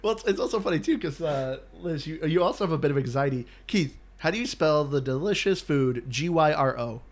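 A man's voice: on the high side, expressive, fairly quick. A man from New England co-hosting a podcast, chatting casually in a teasing, playful way. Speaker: podcast co-host. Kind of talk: casual chat.

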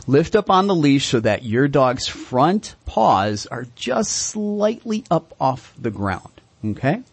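A man's voice: mid-range voice, sing-song, takes it slowly, slightly rough, no echo. A man hosting a call-in radio show, coaching a caller on dog training in a direct way and checking in with "okay?".

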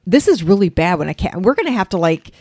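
Podcast co-host, woman in her 50s, rambling casual chat, lower register, close dry recording. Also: fast, no room sound. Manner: chatty, animated, full of asides and restarts.

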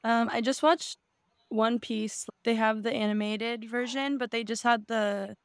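A woman's voice: fairly high pitch, fairly even intonation, unhurried, clean tone, dry recording, studio quality. A woman chatting casually and briefly as a guest in the room. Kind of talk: casual chat.

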